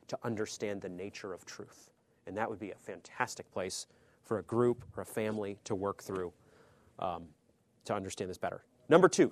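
A pastor or Bible teacher gives sermon teaching, swinging from emphatic loud phrases into sudden hushed, low asides. He stays conversational, checking in with "okay?", and there's no room sound.

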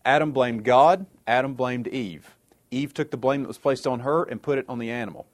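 A man's voice: medium pitch, normal speed. A man teaching a sermon in a conversational way, often checking in with his listeners and adding sarcastic asides. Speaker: Bible teacher.

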